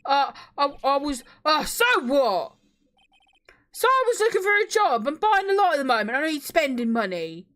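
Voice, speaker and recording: A woman's voice: high-pitched, sing-song, moderate pace, fairly bright tone, pitched above the performer's own voice. A woman doing a blustering grumpy old man. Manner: blustering, stammering, indignant.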